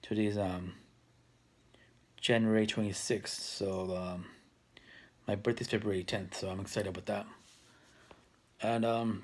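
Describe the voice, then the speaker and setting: Husky rambling man in his thirties. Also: on the low side, little pitch movement, a little slow, long pauses. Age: 30s. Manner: rambling, restarts, many fillers. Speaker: vlogger. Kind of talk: casual talk to camera.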